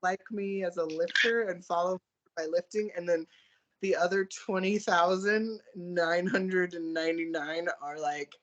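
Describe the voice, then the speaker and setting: A woman's voice: fairly low pitch, steady tone, measured pace, highs cut off. A woman co-hosting a podcast, talking bluntly and casually with some profanity. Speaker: podcast co-host, powerlifter.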